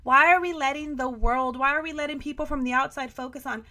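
A woman hosting a podcast, talking to the listener in an emphatic motivational pep talk that sometimes drops to a soft, guided tone. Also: high voice, fairly even intonation, a little fast, hardly any pauses. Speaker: podcast host. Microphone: podcast microphone.

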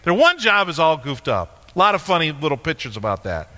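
A man preaching in a casual, conversational way, bantering with a stage helper between points. His voice sits high and sounds bright and forceful. The sound carries the long reverb of a large church hall. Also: big pitch swings, fairly quick. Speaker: pastor. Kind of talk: sermon with props. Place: church sanctuary.

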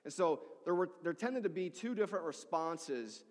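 A middle-aged male pastor delivers a sermon in a reverberant church hall. His voice sits slightly high for a man. He tells stories with animation and briefly acts out the people in them. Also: expressive, moderate pace, a little mellow.

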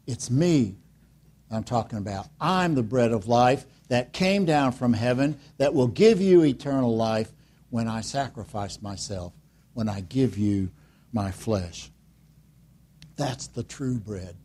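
A man preaching a sermon in a lively, conversational way, full of rhetorical questions and quiet, pointed emphasis. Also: mid-range voice. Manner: conversational, acts out voices of listeners and Jesus. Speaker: pastor.

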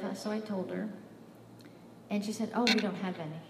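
A woman's voice: medium pitch, steady tone, brisk, gravelly, a little hiss or hum. A woman preaching a sermon, telling a personal story and acting out the dialogue, rising to emphatic peaks. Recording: echoey hall, voice from far off, faint ambience.

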